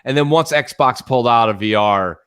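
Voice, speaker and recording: A man co-hosting a casual gaming podcast, talking in an animated, ranting way. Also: mid-range voice, normal speed, smooth. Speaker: podcast co-host.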